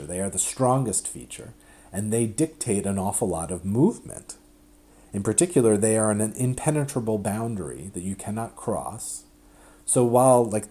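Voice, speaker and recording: A man giving a recorded math lecture at a board, chatty and animated, often breaking off and restarting his sentences. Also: on the low side, slightly rough. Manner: chatty, self-interrupting, animated explanations.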